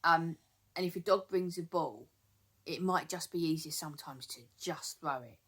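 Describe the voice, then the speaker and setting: A woman's voice: deep voice, moderate pace, husky. A woman who trains dogs, giving casual advice to camera, chatty with many ums and repeated words. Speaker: dog trainer.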